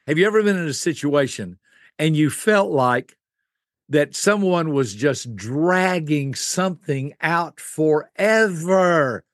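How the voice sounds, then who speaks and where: An older man, a guest expert, explaining personality types in an animated teaching style, acting out quick voices. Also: on the high side, no echo, clean studio sound.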